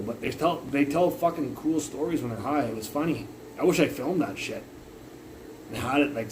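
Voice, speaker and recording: A young man talks into his phone mic in a mid-pitched voice, rambling loosely from one story to the next. He swears all the time and yells out the punchlines of his own anecdotes, with a faint hiss of noise underneath. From Canada, Burnaby area. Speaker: livestreamer. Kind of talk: casual profane storytelling.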